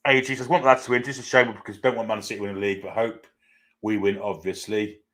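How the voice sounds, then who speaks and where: Lowish-voiced man hosting a chatty live stream. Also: level tone, fast talker, a bit bright. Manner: chatty, reads out viewer comments and greets them one by one; casual, with frequent "uh" and self-corrections. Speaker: host of a football fan channel. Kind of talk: live watchalong chat.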